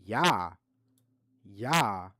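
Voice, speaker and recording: A man's voice: fairly low pitch, sing-song, very slow, bright, forceful tone, no room sound, low-quality recording. A man streaming, giving casual reaction commentary in heated, mocking, profane rants.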